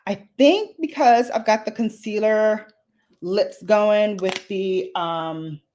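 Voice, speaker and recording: Slow and darkish in tone with a mid-range voice, a woman runs a casual makeup demo on her vlog. She keeps it chatty and playful, full of slangy remarks aimed at her viewers.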